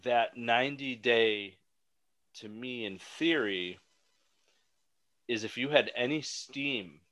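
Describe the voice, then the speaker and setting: A man co-hosting a podcast, talking in an animated, rambling way with frequent restarts. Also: mid-range voice, slow. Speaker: podcast co-host. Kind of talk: casual chat.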